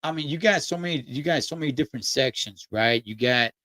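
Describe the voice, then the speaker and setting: A man's voice: mid-range voice, a little fast, sharp tone, no echo. Laid-back man with mid-range voice. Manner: laid-back, curious, slangy. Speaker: host. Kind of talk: casual conversation.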